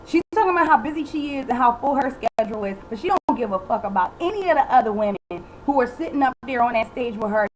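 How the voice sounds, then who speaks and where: A woman ranting bluntly through a casual recap, sarcastic and exasperated, often swearing and quoting others in quick put-on voices. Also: fairly high pitch, expressive, slight background noise, low-quality recording. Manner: acts out others' lines in quick quoted voices. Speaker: reality TV recap vlogger.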